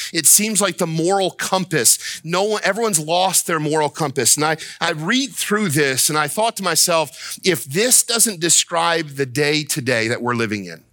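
A man's voice: on the high side, bright, forceful tone, no echo. A man preaching a sermon as a pastor, impassioned, repeating himself and rising to pleading cries. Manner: repeats words and restarts when worked up.

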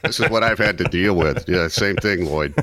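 A man with a deep voice co-hosting a podcast, joking and teasing in casual chat. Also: moderate pace, a bit bright. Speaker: podcast co-host.

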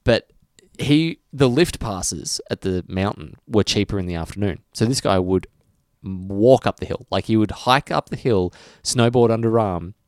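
A man's voice: lowish voice, normal speed, hardly any pauses, a little mellow, no room sound, studio quality. An Australian man co-hosting a podcast, rambling and self-mocking in casual chat, laughing often. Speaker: podcast co-host.

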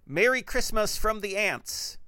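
A hive of ants speaking as a single solemn voice in a comic story, slow and stilted, as a male storyteller voices it. Each word is deliberate. The recording is close and dry. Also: sits high, lively intonation, sharp tone, clean tone, dry recording, voice pushed up, heavily acted.

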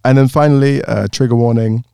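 A man's voice: a little fast, creaky, clean tone, dry recording, studio quality. A young man co-hosting a casual podcast, telling funny stories and laughing often. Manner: animated storyteller, laughs often, jumps high into quoted voices. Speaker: podcast co-host. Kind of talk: casual chat, storytelling.

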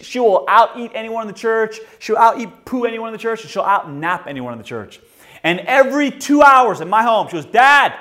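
A man in his thirties preaching a sermon, who swings between loud, animated bursts and quiet, hushed lines. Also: on the high side. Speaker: pastor. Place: church, also streamed online.

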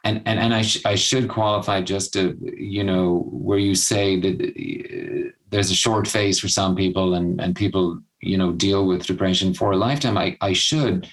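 A man's voice: normal speed, poor audio. A man from Southern California speaking candidly as a guest, reflective and thoughtful. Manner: reflective, acts out his own past thoughts in a much higher voice. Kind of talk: candid personal conversation.

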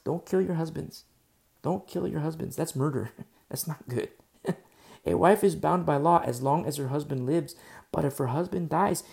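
A man's voice: on the high side, vocal fry, darkish tone. A man, the church's pastor, preaching a sermon, going through scripture verse by verse, repeating key phrases for emphasis and asking his listeners rhetorical questions.

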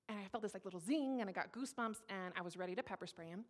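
A woman in her thirties gives a personal testimony, telling her story in a candid, humorous, lively way. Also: mid-range voice, rapid-fire. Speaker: speaker giving a personal testimony.

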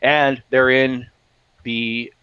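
A man chatting on a podcast, explaining things in a measured way. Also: mid-range voice, little pitch movement, clear, resonant tone, dry recording. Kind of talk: casual podcast chat. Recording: dull lo-fi call audio.

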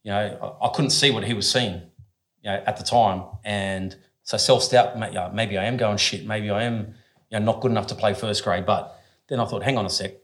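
A man's voice: on the low side, fairly even intonation, moderate pace, a bit bright. A man in his forties with an Australian accent, a former athlete telling stories as a podcast guest in a blunt, casual way, swearing freely and often restarting his sentences.

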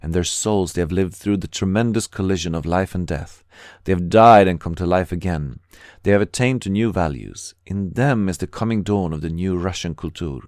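A dreamy young poet muses on spiritual rebirth in an audiobook reading, voiced by a man. The delivery is lofty and reflective, low-pitched and dry. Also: normal speed, darkish tone, no room sound, close to an everyday voice. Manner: thoughtful, lofty.

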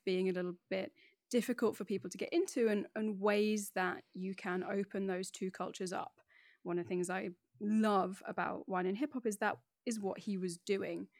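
A woman's voice: medium pitch, no room sound. Chatty English woman, dry close mic. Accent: neutral southern English. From Northeast England. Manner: chatty, animated storytelling. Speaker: podcast guest, wine educator. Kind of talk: casual interview chat.

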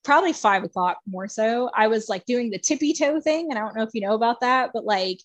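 A woman guest telling a personal story in a casual, chatty way, filled with "like" and frequent laughter, moving between excitement and hushed emotion. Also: on the high side, brisk, no echo. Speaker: podcast guest.

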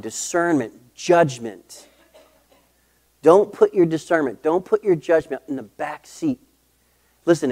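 A man's voice: fairly high pitch, mellow. Emphatic middle-aged male pastor preaching. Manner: emphatic, repeating key phrases, slowing for stress. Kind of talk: sermon.

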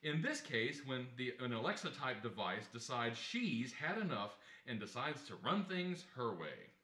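A man's voice: mid-range voice, big pitch swings, moderate pace, sharp tone, reverberant. A man hosting a play reading and reading the stage directions, chatty, with jokey asides. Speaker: organizer and stage-direction reader.

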